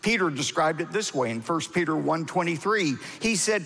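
A pastor preaches to his congregation in a rather high, animated voice that rises and falls sharply. He leans on key words with dramatic pauses. The sound carries a long reverb from a large church hall. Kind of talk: sermon.

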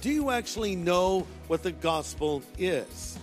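A man's voice: high-pitched, lively intonation, a little slow. A man preaching a sermon as a pastor, telling a funny story conversationally and acting out the voices in it. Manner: conversational, humorous, acts out voices in his story. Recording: long hall reverb, faint music.

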